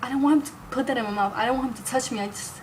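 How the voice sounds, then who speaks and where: A young woman with a slightly high voice tells a story straight to camera. She rambles casually and keeps slipping in "like" and the occasional curse word. It sounds like an unscripted vlog. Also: very fast, slight background noise, poor audio. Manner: rambling, heavy use of "like", occasional cursing. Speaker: vlogger.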